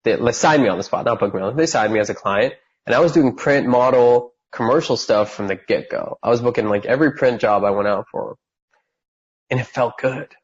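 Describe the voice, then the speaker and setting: A husky-voiced man in his thirties tells his story on a podcast. He talks with lots of energy and acts out the voices of the people in it. The recording sounds slightly dull. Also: mid-range voice, a little fast. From California. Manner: animated storyteller who acts out quoted voices. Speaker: guest.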